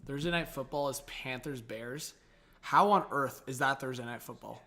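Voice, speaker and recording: A man's voice: mid-range voice, moderate pace, sharp tone. A young man hosting a live hockey reaction stream, chatting casually and reading viewer messages aloud.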